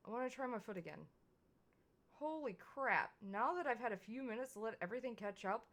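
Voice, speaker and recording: A woman streamer reads a story game aloud in a bright, clear voice. She is casual and chatty, tripping over words and fixing them as she goes. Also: medium pitch. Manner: casual, stumbling over words and laughing at slips. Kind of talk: reading a visual novel aloud.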